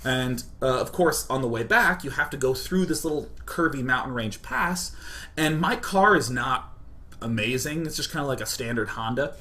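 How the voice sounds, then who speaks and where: A young man from Kansas telling a comedic personal story in an animated, self-deprecating way, peppered with "like". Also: mid-range voice, moderate pace. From Kansas, United States.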